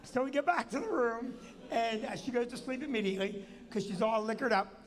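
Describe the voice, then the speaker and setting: Animated New Jersey male host, storyteller who acts out quotes; reverberant hall. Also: brisk. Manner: animated, acts out quotes with big pitch jumps. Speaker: comedian and show host. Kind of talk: storytelling on a live show.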